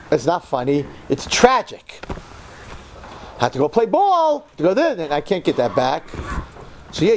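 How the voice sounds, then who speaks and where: A man in his sixties from New York delivers a sermon as a story, his voice a little higher than most men's. He swings dramatically between hushed murmurs and loud outbursts. A faint hiss sits under the recording. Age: 60s. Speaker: religious teacher.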